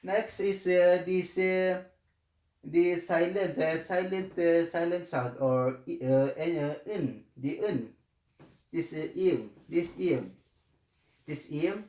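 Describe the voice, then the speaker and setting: A man teaching a language lesson in a slow, halting way, with many fillers and repeated words. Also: a little high, darkish tone. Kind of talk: slow hesitant tutorial explanation. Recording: echoey room.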